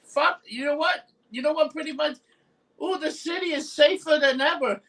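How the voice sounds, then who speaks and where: A brash New York man with a high, bright voice, swearing and laughing through casual podcast banter. He sits a bit back from the mic on a lo-fi recording with a faint hiss behind him. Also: normal speed, vocal fry, far from the mic. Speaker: podcast co-host.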